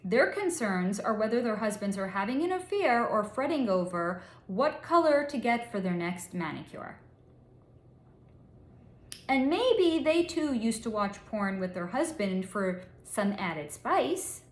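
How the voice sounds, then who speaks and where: A woman's voice: medium pitch, big pitch swings, unhurried, echoey room. A woman psychic relaying a channeled reading in a blunt, candid way, swearing freely and spelling out crude words. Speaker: psychic reader.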